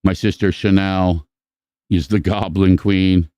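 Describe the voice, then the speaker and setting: Male podcast host, casual and profane, rambling shout-outs, somewhat low voice. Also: level tone, slow pace, smooth, dry recording. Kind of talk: casual live-stream chat.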